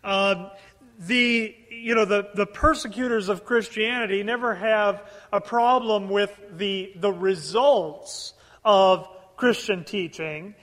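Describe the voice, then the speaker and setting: A high-pitched male preacher delivers an expository sermon. He reads scripture and then explains it earnestly, repeating words as he reaches for each point. His voice rings out with a long hall reverb. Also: takes it slowly, fairly bright tone.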